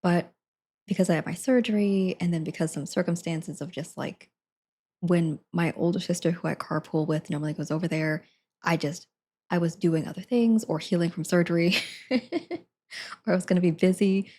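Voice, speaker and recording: A woman's voice: on the low side, fairly even intonation, moderate pace, a little mellow, breathy edge. A young woman streaming live from her desk at home, chatting to viewers in a rambling way and laughing often. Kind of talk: casual chat to viewers.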